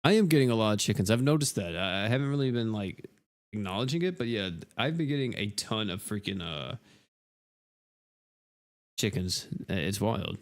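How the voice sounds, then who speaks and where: A man's voice: fairly low pitch, lively intonation, normal speed. A young man livestreaming a game, rambling casually and exasperatedly to his chat viewers.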